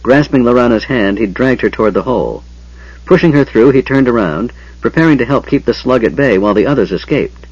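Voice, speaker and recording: A man narrating a fantasy audiobook with a dramatic, expressive reading. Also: mid-range voice, brisk, husky, dry recording. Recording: dull lo-fi sound.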